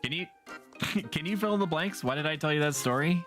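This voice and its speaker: A man's voice: a little high, animated, a little fast, fairly bright tone. A man streaming a game, chatting casually with rambling jokes and casual swearing. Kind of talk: casual gameplay commentary. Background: game music.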